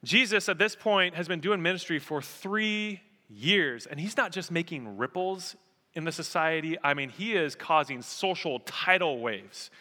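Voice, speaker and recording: A male pastor preaching a sermon, an animated, emphatic storyteller, in a church with long reverb. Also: a little high, measured pace.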